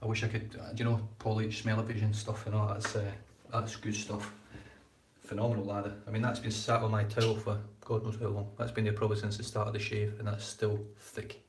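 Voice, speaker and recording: A man's voice: on the low side, monotone, a little fast, far from the mic, slight background noise. Chatty man in an echoey room. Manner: chatty, rambling, repeats his words. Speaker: shaving channel host. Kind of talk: casual live-stream chat.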